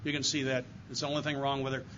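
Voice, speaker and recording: Racing through his words with a flat delivery, an older AA circuit speaker shares his recovery testimony earnestly and from the heart, straight to a meeting audience. His voice is medium-pitched. The meeting room talk is caught in a dull lo-fi live recording with background noise.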